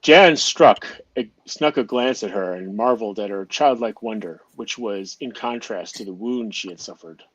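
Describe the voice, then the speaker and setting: Guy reading out an audio drama, steady pace w a few restarts, dull lo-fi dry sound. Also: on the low side, moderate pace, few pauses, slightly rough, dry recording. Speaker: narrator. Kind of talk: amateur audio drama narration.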